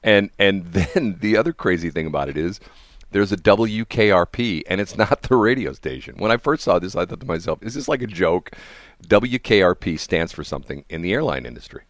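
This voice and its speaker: Male radio host, low voice, lively swooping pitch, rambling chat, dry studio sound. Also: fairly quick, no echo. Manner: animated, rambling, laughs often. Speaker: radio morning show host. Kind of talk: casual on-air chat.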